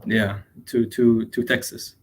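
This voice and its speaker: Young man, caller, from Lebanon, halting, repeats words, Arabic fillers. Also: lowish voice, flat delivery, a little hiss or hum. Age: 20s. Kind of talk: call-in question.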